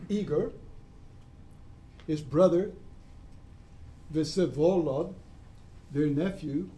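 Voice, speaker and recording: Mellow-voiced man giving a discursive lecture. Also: fairly high pitch. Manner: discursive, spells out terms letter by letter. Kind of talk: classroom lecture.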